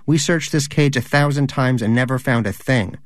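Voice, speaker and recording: A man's voice: mid-range voice, normal speed, no echo, studio quality, pitched above the performer's own voice, close to an everyday voice. A man voicing a pious, bitter, hungry male pet rodent in a storybook reading, preachy and indignant.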